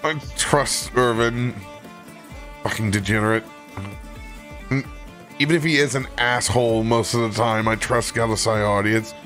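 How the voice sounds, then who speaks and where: A man's voice: fairly low pitch, fairly even intonation, normal speed, fairly bright tone, faint music behind. A man playing a tabletop game, casually narrating his character with frequent swearing and laughter.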